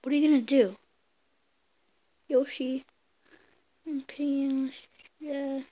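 A high-voiced woman performs a silly skit with toy characters, switching between teasing lines and mock slang. Her delivery is playful and quick to tease. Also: level tone, dark tone. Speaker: skit maker.

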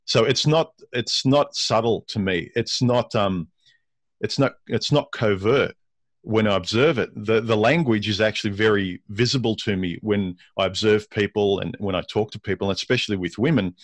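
A man's voice: fairly low pitch, dry recording. A man as a guest in a casual discussion, often repeating words as he works out his thoughts. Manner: halting, repeats words while thinking.

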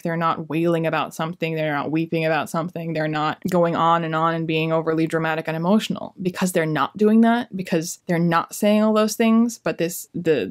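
Gushing young woman reviewing books. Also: fairly low pitch. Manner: enthusiastic, gushing. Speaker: book reviewer. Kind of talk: casual book review vlog.

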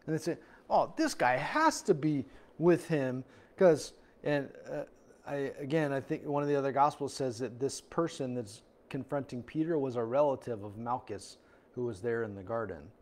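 This pastor has a medium-pitched, darkish voice with fairly even intonation and a moderate pace. Preaching an expository sermon verse by verse in church, he keeps a conversational tone and gives the story's characters little voices when quoting them.

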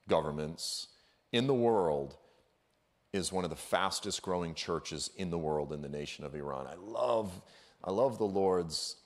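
A man giving an energetic, conversational sermon as a guest speaker in a church, with casual slang and frequent asides. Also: low-pitched.

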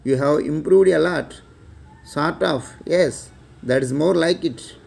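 A middle-aged man with an Indian English accent, reading out classroom phrases one by one, slowly and deliberately, often repeating them. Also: fairly high pitch, vocal fry, a little mellow. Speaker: English teacher.

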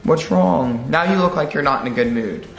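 Brief: young man, lowish voice that moves a lot, laid-back and puzzled, roomy echo. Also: animated, normal speed, vocal fry, soft background music. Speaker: vlogger's boyfriend. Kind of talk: casual chat. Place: at home.

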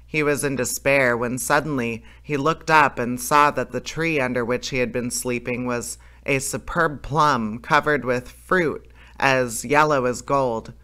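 Bright male storyteller reading a fairy tale aloud, unpolished, with small stumbles. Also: mid-range voice, fairly even intonation, measured pace, hardly any pauses, clean tone. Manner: plain unpolished reading with small slips and self-corrections.

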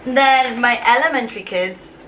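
A woman's voice: on the high side, moderate pace, sharp tone. A woman in her twenties, a teacher, chatting casually to the camera in a rambling, emotional way with many fillers. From Cuba. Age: 20s. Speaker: vlogger, teacher. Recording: faint background noise.

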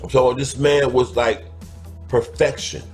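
A man's voice: mid-range voice, fairly even intonation, slow pace, over music. A man telling a crude personal story, blunt and profane, stretching out words for emphasis.

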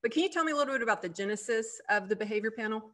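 A woman's voice: on the high side, animated, racing, a bit bright. A woman hosting a podcast, asking a guest questions in an enthusiastic, encouraging way. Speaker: podcast host. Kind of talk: interview questions.

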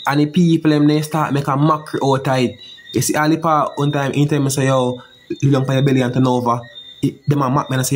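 Young Jamaican man, halting and repetitive delivery, slight background hiss. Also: mid-range voice, steady tone. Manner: repeats "you see me" constantly, halting and rambling. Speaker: interviewee telling his story. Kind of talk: emotional personal account.

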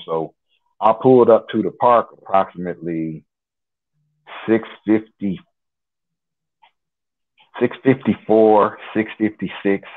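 A man from Nebraska, a guest in an interview, telling a personal story in an unhurried, detailed, conversational way. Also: deep voice. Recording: tinny phone line.

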